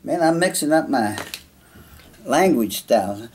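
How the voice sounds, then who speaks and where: A man's voice: fairly high pitch, animated, measured pace, pauses often, a little mellow. A man chatting casually in a vlog, rambling and joking as he talks to himself between songs. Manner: rambling, jokey, talking to himself. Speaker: musician vlogger.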